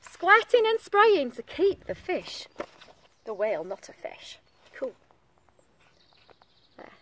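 A woman's voice: very high-pitched, big pitch swings, slow, a bit bright, a little hiss or hum. A woman reading a picture book aloud to young children in a sing-song voice, stopping to ask them questions.

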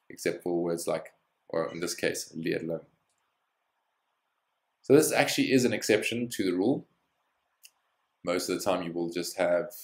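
A man's voice: deep voice, reverberant. A man teaching a language lesson, explaining the rules step by step and adding short words of encouragement.

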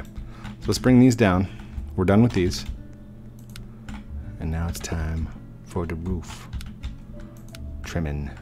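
A man's voice: low-pitched, creaky, a little mellow. A man casually chatting to viewers as he builds in a game, easygoing and talking to himself as he goes. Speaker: gaming YouTuber. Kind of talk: casual let's-play commentary.

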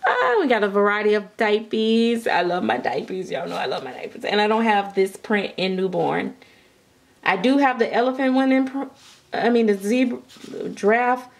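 A woman chatting excitedly and nervously through an unboxing vlog, with frequent giggles and gasps. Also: mid-range voice, creaky. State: nervous and jittery. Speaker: vlogger.

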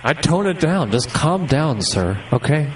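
Pushy prank caller on a noisy line. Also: male voice, on the high side, very animated, unhurried. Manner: pushy, accusing, mock-offended. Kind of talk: prank phone call. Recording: distant noisy phone line.

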